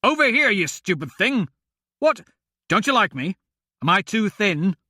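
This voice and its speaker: A man voicing a defiant male thief who shouts taunts at a monster, in an audiobook. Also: high-pitched, sing-song, a little slow, no room sound, studio quality, voice pushed up, full character voice. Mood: mocking. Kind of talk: audiobook character voice.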